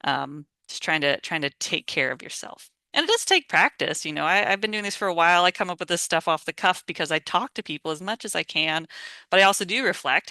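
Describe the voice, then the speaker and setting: A chatty volunteer trainer talks casually through an online session over a video call microphone. The voice is bright and forceful, and the sound is dry and close. The trainer laughs easily and slips into little acted sample lines. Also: medium pitch, lively intonation, brisk, clean tone, dry recording. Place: home or office on a video call.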